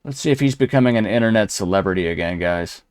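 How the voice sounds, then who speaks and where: A man with a smooth, clean voice recorded close and dry, delivering profane reaction commentary. He mocks and rants at the person on screen and swears constantly. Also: lowish voice, expressive, quick pace, darkish tone, no room sound. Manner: mocking, ranting, heavy swearing. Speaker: host reacting to clips.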